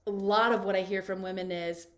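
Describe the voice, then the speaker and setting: A woman's voice: mid-range voice, fairly even intonation, a little fast. A woman voice coach leading a live online workshop over a video call, talking in an encouraging, conversational way and often checking in with "right?".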